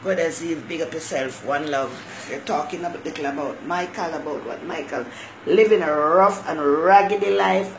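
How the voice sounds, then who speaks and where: A woman's voice: low voice, slight background noise, low-quality recording. A woman hosting her own talk show, giving folksy motherly advice and greeting viewers by name. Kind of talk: casual live-stream monologue.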